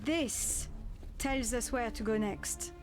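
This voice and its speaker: An urgent resistance fighter. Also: female voice, on the high side, takes it slowly. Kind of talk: game cutscene voice acting. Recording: game audio with music under it.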